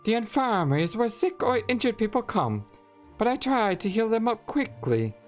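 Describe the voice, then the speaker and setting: A woman voicing a kind female healer and paladin teacher, reading game dialogue in a gentle, formal, old-fashioned way. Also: medium pitch, sing-song, unhurried, soft background music, voice pushed up. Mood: kindly.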